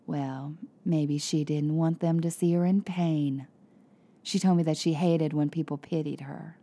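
A woman's voice: low-pitched, fairly even intonation, unhurried, mellow. A woman voicing a defensive, evasive male neighbor under police questioning. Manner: defensive, hedging replies.

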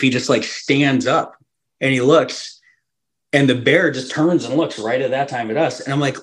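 A man's voice: medium pitch, creaky, a bit bright, husky. A man from Alaska, a hunting guide, telling a long story in a casual, rambling way with fillers, restarts and laughs. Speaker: hunting guide and podcast guest.

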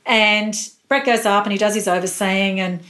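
A woman's voice: medium pitch, fairly even intonation, moderate pace, fairly bright tone. Candid, emotional woman telling her story. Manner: emotional, tearful at moments, candid. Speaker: pastor's wife, interview guest. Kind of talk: personal faith story in an interview.

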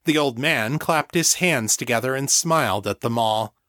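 A man reading a fantasy audiobook chapter in a steady, even storytelling voice. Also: medium pitch, moderate pace, dry recording, studio quality. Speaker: audiobook narrator. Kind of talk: scripted narration.

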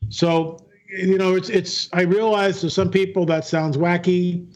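Earnest higher-voiced man. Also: level tone, a little slow, a little mellow, muffled recording. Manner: earnest, repeats phrases, acts out quoted dialogue. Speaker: guest filmmaker. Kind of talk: storytelling interview answer.

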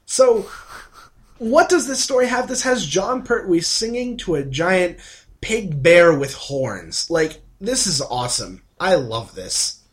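A man co-hosting a podcast, recapping an episode in an excitable, gushing way and acting out the characters' lines. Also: high voice, slow. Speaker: podcast co-host. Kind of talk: casual podcast chat.

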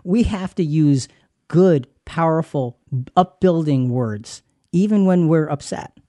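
A man's voice: on the high side, animated, takes it slowly, warm tone, dry recording. Emphatic preacherly man, dry studio. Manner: emphatic, preacherly, repeats words. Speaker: Christian radio co-host. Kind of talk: scripted marriage teaching.

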